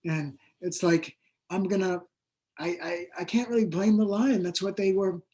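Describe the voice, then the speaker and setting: A man's voice: sits high, fairly even intonation, moderate pace, darkish tone. A man who is an author guest in an interview, telling his story in a rambling, hesitant way with many fillers. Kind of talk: conversational interview.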